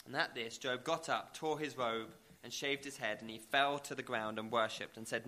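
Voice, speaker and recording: A man's voice: medium pitch, steady tone, normal speed, hardly any pauses, bright, forceful tone. A man preaching a sermon, emphatic, building to rising repeated questions.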